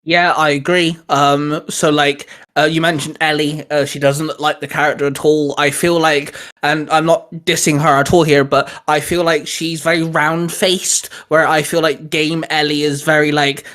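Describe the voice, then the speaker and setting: A man's voice: fairly high pitch, little pitch movement, moderate pace, few pauses, fairly bright tone. A man hosting a podcast in casual chat, loose and rambling, leaning on filler words. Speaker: podcast host.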